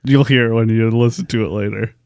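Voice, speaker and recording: A man co-hosting a casual history podcast, telling the story in a relaxed, profane, joking way. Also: on the low side, brisk, gravelly, dry recording. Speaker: podcast co-host.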